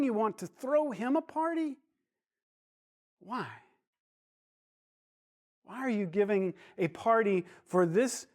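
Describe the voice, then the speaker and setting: A man's voice: high-pitched, a little mellow, pitched above the performer's own voice. A man doing a bitter, resentful older son. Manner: indignant complaining.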